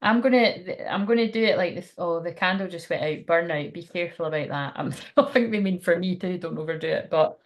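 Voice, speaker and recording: A woman's voice: fairly low pitch, a little fast, few pauses. A woman doing a live card reading for her viewers. She rambles and thinks aloud in a chatty, informal way. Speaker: tarot card reader.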